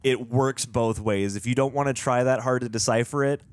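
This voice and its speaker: A man's voice: medium pitch, fairly even intonation, moderate pace. A young man co-hosting a movie reaction, chatting casually, reading trivia aloud with many fillers and restarts.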